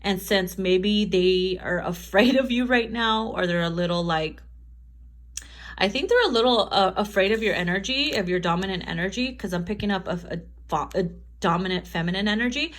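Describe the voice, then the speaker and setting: A woman's voice: medium pitch, moderate pace. A woman giving a casual tarot reading to camera, chatty and profane, often laughing and acting out quotes. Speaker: tarot reader.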